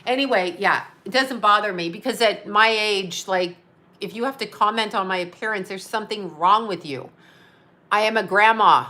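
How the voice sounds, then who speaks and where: Hosting a casual live stream as a psychic medium, a woman in her fifties goes through viewer comments, ranting with blunt profanity. Her mid-range voice has a sharp tone and moves at a moderate pace.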